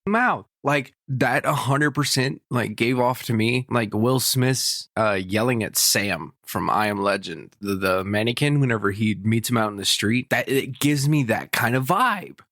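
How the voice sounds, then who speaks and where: A man's voice: mid-range voice, a little slow, hardly any pauses, a bit bright, no echo, studio quality. Rambling young man telling stories. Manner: chatty and rambling, lots of "like". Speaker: podcast co-host. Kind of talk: casual storytelling.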